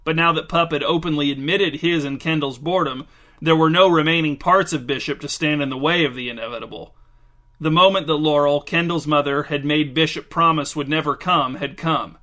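Bright-voiced man reading a story. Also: a little high, fairly even intonation, brisk. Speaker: narrator. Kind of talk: scripted story narration.

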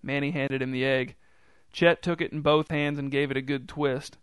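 A man reading a story aloud in an even, measured way. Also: mid-range voice, smooth, no room sound. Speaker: narrator.

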